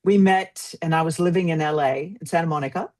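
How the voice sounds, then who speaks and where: A woman's voice: low-pitched, brisk. Upbeat woman from New York. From New York, of Puerto Rican roots. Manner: warm, upbeat storytelling. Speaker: guest. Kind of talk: casual interview.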